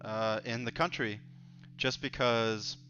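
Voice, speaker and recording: A man's voice: medium pitch, steady tone, takes it slowly, sharp tone, lo-fi sound, faint music behind. A man hosting an interview, chatty and thinking aloud as he goes. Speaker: host. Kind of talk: casual interview talk.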